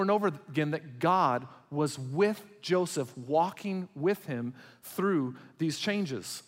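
A man preaching a sermon as pastor, swinging between loud emphatic passages and quiet, intimate ones. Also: a little high, animated, slow pace, few pauses. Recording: long hall reverb.

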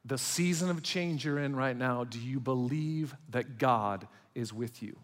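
A man preaching a sermon as pastor, swinging between loud emphatic passages and quiet, intimate ones. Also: mid-range voice, a little slow. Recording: long hall reverb.

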